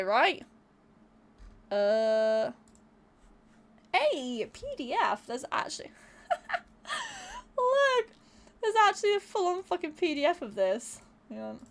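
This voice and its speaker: A woman's voice: high voice, a bit bright. A woman streamer chatting casually with her live viewers, laughing often, swearing freely and repeating words as she thinks.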